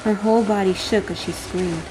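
A woman's voice: mid-range voice, steady tone, moderate pace, noisy background. A woman reading a visual novel aloud for a gameplay video and breaking in with dry asides. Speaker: let's play narrator.

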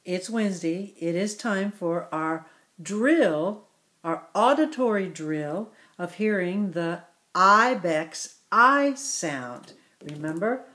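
A woman teacher leads children through a listening drill at a very slow, deliberate pace. Her voice is bright, and she repeats each word several times with gentle encouragement. She sounds middle-aged and patient. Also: medium pitch, lively intonation.

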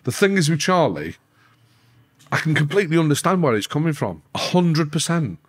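A man's voice: moderate pace, slightly rough. Sweary man telling a story. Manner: sweary, animated, pitch leaps up when worked up. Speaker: podcast guest. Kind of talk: casual storytelling interview.

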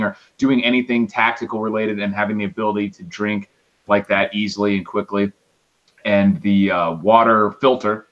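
Low male co-host on a dull remote line, easygoing and chatty. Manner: relaxed, describing gear at length. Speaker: podcast co-host. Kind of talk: casual chat.

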